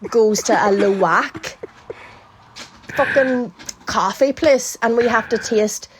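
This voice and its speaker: A woman's voice: on the high side, slow, background noise. A woman telling a rambling, swear-filled confession in a voice note, laughing as she goes. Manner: laughing, tumbling, swears freely. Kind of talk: casual storytelling. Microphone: phone voice note.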